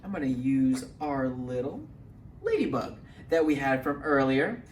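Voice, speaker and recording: A man hosts a children's storytime, his voice swooping up and down with lively encouragement as he takes it slow for the little ones. He sounds a bit distant in a roomy space, with a faint hum underneath. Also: mid-range voice. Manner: animated, encouraging, speaks slowly to little ones. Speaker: children's librarian.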